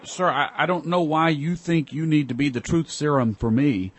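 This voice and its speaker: A man's voice: a little high, normal speed, no room sound. A man hosting a call-in radio talk show, arguing with a caller in a sarcastic, lecturing way.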